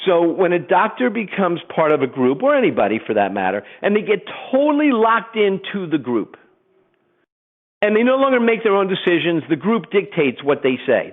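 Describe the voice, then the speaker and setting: A middle-aged man giving a webinar presentation, telling stories in an animated way and acting out voices. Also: sits high, normal speed. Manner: animated storyteller, acts out voices. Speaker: program presenter. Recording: phone-like webinar audio.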